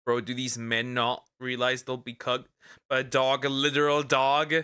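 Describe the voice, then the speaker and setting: A man streaming as a VTuber, giving live reaction commentary with disbelieving exclamations that jump up into high outbursts. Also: monotone, moderate pace, pushed and bright, clean tone.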